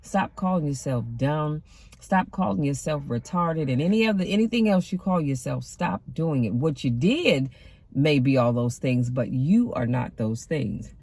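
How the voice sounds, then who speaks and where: A woman's voice: low-pitched, animated, moderate pace, a little mellow, husky, dry recording. Emphatic woman preaching from her car. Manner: emphatic and conversational, with a sassy edge. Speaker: deacon and motivational vlogger. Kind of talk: casual motivational talk with a preaching flavor. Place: inside a car.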